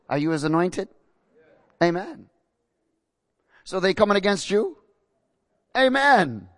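A man preaching a sermon with emphatic, rising and falling delivery, questioning his congregation and reading scripture slowly with stress. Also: on the high side, animated, a bit bright, dry recording, clean studio sound.

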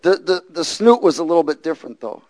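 A man preaching a sermon who moves from hushed storytelling to loud, fervent bursts and repeats phrases for emphasis. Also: on the high side, animated, fast. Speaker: pastor.

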